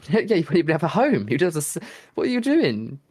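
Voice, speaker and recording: A man's voice: on the high side, huge pitch swings, brisk, darkish tone, slightly rough. A man co-hosting a podcast in a loose, joking way, full of ums and restarts. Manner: rambling, jokey, many ums and restarts. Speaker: podcast co-host. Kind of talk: casual podcast chat.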